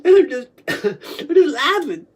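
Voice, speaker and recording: A woman reliving a memory aloud, halting and repetitive, coughing between phrases and swinging between laughing and crying. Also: sits high, sing-song.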